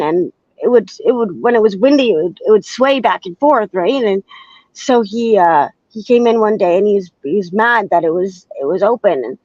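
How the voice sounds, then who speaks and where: A woman in her thirties from Canada, a podcast guest recalling her past in a halting way, with many restarts and frequent "right?". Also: mid-range voice, warm tone, no echo. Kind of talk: candid conversation. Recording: dull lo-fi sound.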